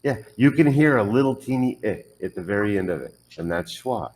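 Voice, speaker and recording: A man's voice: lowish voice, expressive, brisk, a little mellow, low-quality recording. A man teaching English pronunciation one on one, patiently modelling words and correcting the learner's drills.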